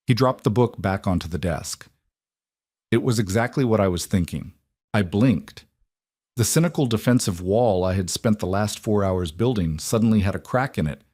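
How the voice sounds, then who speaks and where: A man narrating a first-person romance story in a steady, measured reading. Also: on the low side.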